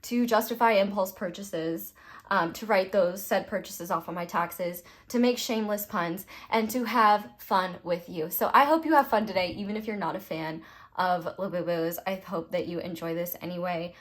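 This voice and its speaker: A woman's voice: lowish voice, moderate pace. Chatty young woman doing a tarot reading, giggly, rambles, pokes fun at herself. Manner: giggly, rambling, self-deprecating. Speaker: tarot reader.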